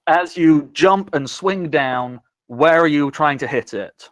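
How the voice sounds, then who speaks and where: A man's voice: fairly high pitch, slow pace, dry recording. A man running a tabletop game as game master, narrating in a descriptive way with chuckles.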